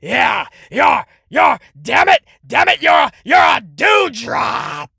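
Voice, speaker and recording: A man doing an impression of a stubborn old male wrestling promoter who shouts and sputters. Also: extremely high pitch, sing-song, takes it slowly, vocal fry, voice pushed up, exaggerated voice. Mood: blustering.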